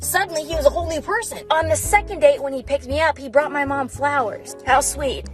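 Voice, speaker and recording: Young woman, very high and bright, giggly comic storyteller, light music underneath. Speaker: comedy creator. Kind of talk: storytime skits. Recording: faint music behind.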